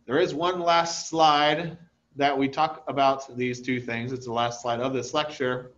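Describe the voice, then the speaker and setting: A man giving a recorded anatomy lecture over slides in a relaxed, conversational way, often checking in with "okay?". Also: mid-range voice, muffled recording. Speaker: anatomy instructor.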